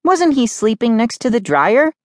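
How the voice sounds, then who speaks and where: Man doing a bossy prim girl, whiny, snapping, high voice, dry recording. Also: very animated, moderate pace, no room sound. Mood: calling. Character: bossy fussy girl, prim older sister.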